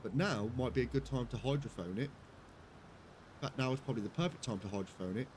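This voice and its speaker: A man's voice: medium pitch, fast, darkish tone, slight background noise. A young British man giving casual live commentary on a game, chatty and giggly, swearing now and then. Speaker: streamer.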